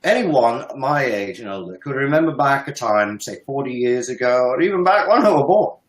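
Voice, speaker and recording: A man's voice: medium pitch, very animated, moderate pace, echoey room, poor audio. A man in his fifties giving heated, emphatic political commentary, sometimes swearing and laughing scornfully. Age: 50s. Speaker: guest commentator.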